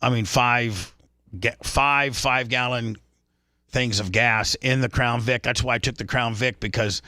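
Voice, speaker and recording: Brief: man, radio host, bright forceful voice, dry close sound, rambling storyteller. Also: medium pitch, fairly even intonation, measured pace, no room sound. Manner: rambling anecdote with restarts. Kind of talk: casual talk radio storytelling.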